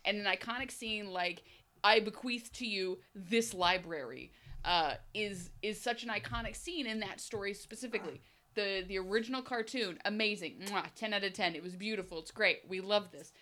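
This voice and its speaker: A woman co-hosting a casual chat, animated and sarcastic, often slipping into mock voices. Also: mid-range voice, brisk. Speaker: podcast co-host.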